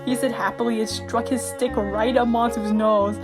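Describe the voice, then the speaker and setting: A woman's voice: on the high side, steady tone, moderate pace. Giggling woman reading fan fiction aloud. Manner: giggling, laughs through the reading. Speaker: reader. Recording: music playing under the voice.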